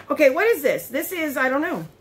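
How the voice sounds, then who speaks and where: A woman vlogger chatting casually as she unboxes beauty products, easily surprised and quick to laugh, recorded on her phone. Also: high voice, big pitch swings.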